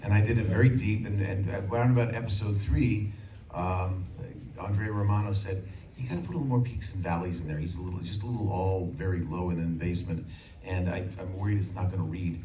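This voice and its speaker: Older guy voice actor on a panel, lowish voice, far off in a big echoey room. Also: fast, a little hiss or hum. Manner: animated, breaks into character voices. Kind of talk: anecdotal panel storytelling. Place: convention hall panel. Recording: echoey hall from far off, loud crowd.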